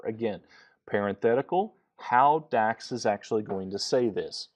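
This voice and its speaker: Man, instructor, screenwriting tutorial, low voice, halting, lots of ums and uhs. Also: lively intonation, a little mellow, highs cut off. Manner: halting, many fillers, talks through steps.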